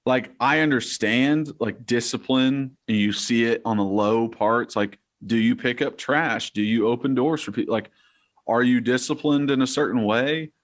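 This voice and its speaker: A young man co-hosting a podcast, telling locker-room stories in a lively, casual way and swearing freely. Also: medium pitch, normal speed. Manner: storytelling, animated, swears freely. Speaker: podcast co-host, former player. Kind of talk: casual chat.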